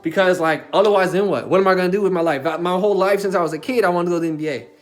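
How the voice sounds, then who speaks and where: A man's voice: high voice, very fast. A young man telling a personal story in a casual, emphatic way, as a self-development coach. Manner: casual and emphatic, with frequent filler tags and swearing.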